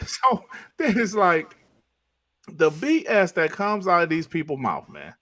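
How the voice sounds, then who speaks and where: A man on a casual gaming podcast rants in a bright, forceful voice that swoops up and down. He keeps returning to short, punchy one-word verdicts, animated and insistent. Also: high voice, measured pace. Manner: animated ranting with repeated punchlines. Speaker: podcast panelist.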